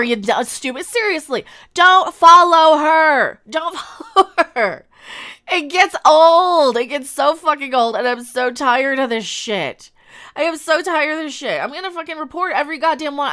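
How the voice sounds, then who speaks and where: A woman's voice: high voice, fairly bright tone. A woman ranting angrily in a commentary video, repeating herself and swearing constantly. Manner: angry, exasperated ranting with heavy swearing and repetition. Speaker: YouTube commentator.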